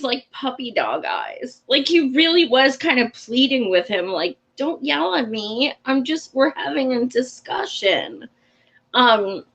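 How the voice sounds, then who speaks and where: A young adult woman hosting a casual political commentary show, blunt, profane and excitable. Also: on the high side, dull audio.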